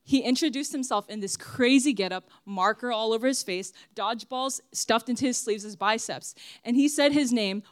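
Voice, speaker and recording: A woman's voice: on the high side, normal speed, few pauses, no room sound, studio quality. A young woman giving a personal testimony sermon at church, earnest and emphatic as she speaks straight to the congregation.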